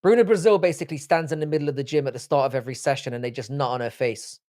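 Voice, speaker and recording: A man's voice: medium pitch, racing, a little mellow. Sweary ranting man on a livestream. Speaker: livestream host. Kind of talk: live-stream chat reading comments.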